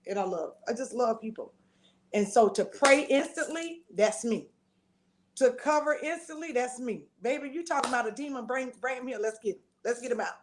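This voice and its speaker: A middle-aged woman tells her story as a guest in an interview. Her voice sits fairly high, and she delivers an expressive testimony, slipping into the voices of the people she quotes. She calls the listener "honey" and "baby" as she speaks. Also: normal speed, a little hiss or hum.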